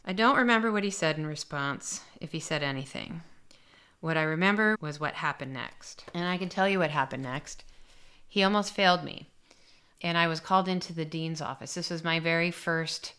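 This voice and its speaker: A woman's voice: deep voice, moderate pace, bright, forceful tone, clear, resonant tone. A woman doctor hosting a podcast, candidly telling a personal story and reading parts of it aloud in a reflective way. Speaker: aesthetic medicine doctor and podcast host.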